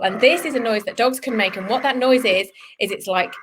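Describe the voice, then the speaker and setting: Lively woman vet teaching kids. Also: mid-range voice, fast, hardly any pauses, noisy background. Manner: lively, speaks to children, voices the dog's thoughts. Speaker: veterinarian teaching children. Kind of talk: online lesson for kids.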